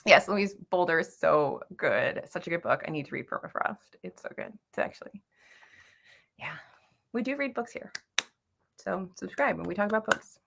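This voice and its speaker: A woman's voice: fairly low pitch, animated, normal speed, gravelly, fairly bright tone, a little hiss or hum. A young American woman hosting a casual book chat, joking and laughing often. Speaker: booktuber host.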